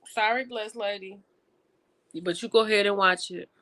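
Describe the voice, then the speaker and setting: A woman hosting a livestream, chatting casually with her viewers and reacting with lively exclamations. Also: mid-range voice, normal speed. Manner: animated and expressive, with exclamations; talks to viewers directly, reading and answering chat. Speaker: livestream host reviewing TV and film.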